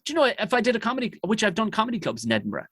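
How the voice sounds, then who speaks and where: An Irish man telling profane, animated stories as a comedian guest in casual chat. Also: sits high, racing, husky, no echo. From Ireland.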